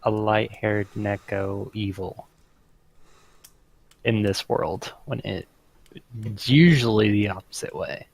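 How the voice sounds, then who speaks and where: Man, tabletop player, slow, gravelly, dry sound. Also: fairly low pitch, fairly even intonation. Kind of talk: casual tabletop play.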